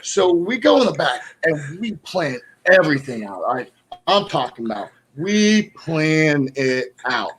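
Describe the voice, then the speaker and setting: A middle-aged man co-hosting a podcast, telling stories in an animated way and acting out what people said. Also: on the high side, measured pace, a little hiss or hum. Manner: animated storyteller who acts out dialogue. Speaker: podcast co-host and wrestler. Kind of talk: casual podcast storytelling.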